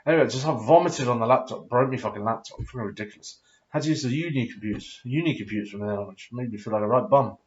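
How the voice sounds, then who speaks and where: A tipsy vlogger in his thirties, after some drinking, tells a rambling, sweary story packed with fillers and hesitations. His mid-range voice is fast and the sound is lo-fi.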